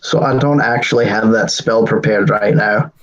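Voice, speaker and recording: A man playing a tabletop game, asking measured questions in casual play. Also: lowish voice, lo-fi sound. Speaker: player.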